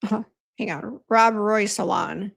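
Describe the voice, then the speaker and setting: A woman's voice: mid-range voice, a little slow, gravelly, fairly bright tone, husky. A woman hosting a casual beauty livestream, chatting and venting while reading viewer comments aloud. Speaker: beauty brand host on livestream.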